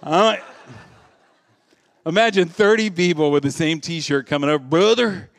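Southern male pastor, middle-aged, preaching a comic sermon, lively delivery with acted-out voices, slightly high pitch. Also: moderate pace. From American South. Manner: animated, jokey, acts out quoted voices. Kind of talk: humorous sermon.

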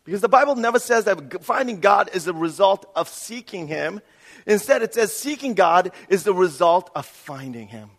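A male pastor delivers a sermon in a fairly high voice. He surges into loud, emphatic passages, then drops to a near hush. His words ring out with a long reverb, as in a church sanctuary. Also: animated, moderate pace. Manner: dramatic swings between loud emphatic and soft hushed delivery.

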